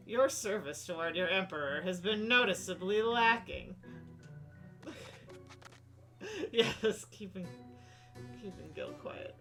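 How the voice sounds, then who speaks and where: A woman's voice: medium pitch, takes it slowly, long pauses, a bit bright, soft background music. A woman streaming a story game, reading its dialogue aloud in playful voices and laughing often between lines.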